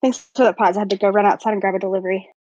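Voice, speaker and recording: A woman's voice: mid-range voice, steady tone, very fast, a little mellow, dry recording. A woman co-hosting a casual podcast chat who talks bluntly and swears easily. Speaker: podcast co-host. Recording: dry, dull lo-fi sound.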